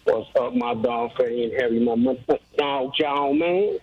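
A man's voice: mid-range voice, a little slow, husky, no echo. A man calling in to a radio show, chatty and telling a story. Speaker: caller. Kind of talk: phone-in storytelling. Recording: muffled phone line.

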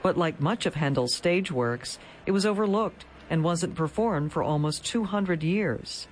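A man giving a scripted narration as a broadcast announcer, measured and polished. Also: on the high side, a little hiss or hum.

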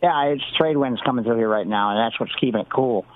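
A man's voice: mid-range voice, fast. Easygoing male caller on a phone line.

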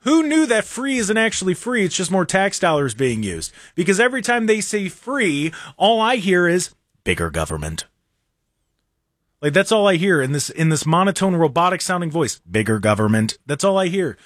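A man's voice: high voice, sing-song, normal speed, fairly bright tone, no echo, clean studio sound. A young American man hosting a talk radio show, rambling and sarcastic with mocking asides. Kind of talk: casual opinionated talk radio monologue. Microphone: studio microphone.

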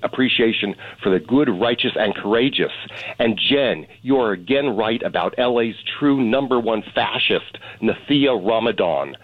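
A man calling in to a radio show, delivering a heated, rapid rant. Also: medium pitch, no room sound. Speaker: caller. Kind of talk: phone-in call. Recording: dry tinny phone line.

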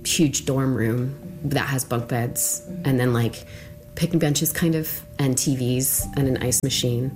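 Woman in her 30s telling her story, super low voice, chatty, says like a lot, faint music behind. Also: fairly even intonation, a little slow. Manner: chatty, many "like" fillers. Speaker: interviewee recounting her story. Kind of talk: casual storytelling.

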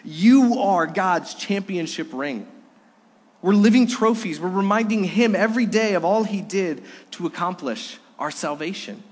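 Earnest pastor preaching in a reverberant hall. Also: male voice, high-pitched, a little slow, slightly rough. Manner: earnest, swings from loud to hushed. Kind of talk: sermon. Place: church sanctuary during a worship service.

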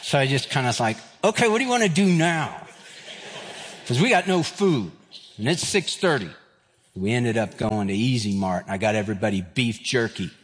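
A man, preaching a sermon and telling stories, acting out the voices of the people in them. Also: mid-range voice. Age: 50s. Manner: animated, acts out quoted voices. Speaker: pastor. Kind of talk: sermon with storytelling. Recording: long reverb of a large hall.

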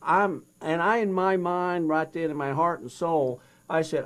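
A man's voice: a little high, normal speed, hardly any pauses. An older man, a guest in an interview, retelling his past with feeling and acting out both sides of a conversation. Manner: animated retelling, acts out both sides of a dialogue. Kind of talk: storytelling interview.

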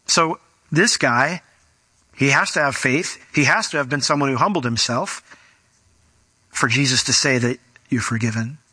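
A man's voice: medium pitch, moderate pace, long pauses, sharp tone, breathy edge, dry recording. A man preaching a sermon in a conversational way, sometimes acting out the people in the story. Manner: conversational, acts out quoted voices.

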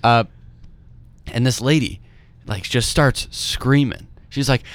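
A man co-hosting a podcast in casual chat, telling animated stories packed with "like" and acting out the people he quotes. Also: medium pitch, slow pace, dry recording. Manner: animated storyteller who acts out quoted voices; filler-heavy, uses "like" constantly. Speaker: podcast co-host.

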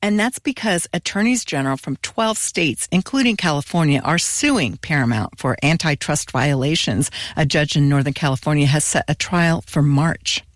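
A woman news correspondent reporting in a clear, measured way from a radio studio. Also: low voice, animated, no echo. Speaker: culture correspondent.

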